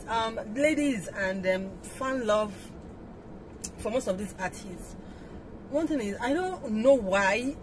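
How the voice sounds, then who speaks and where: A woman hosting an entertainment news vlog, talking casually and musing aloud with rhetorical questions. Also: on the high side. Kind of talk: casual chatty commentary. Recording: noisy background hiss.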